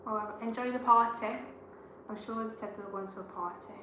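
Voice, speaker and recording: A woman's voice: fairly high pitch, fairly even intonation, brisk, sharp tone. A woman from Blackburn, co-hosting a travel vlog and chatting casually with lots of "like" fillers. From Blackburn, England. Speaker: travel vlogger co-host. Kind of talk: casual live-chat Q&A. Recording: echoey room with clear background noise.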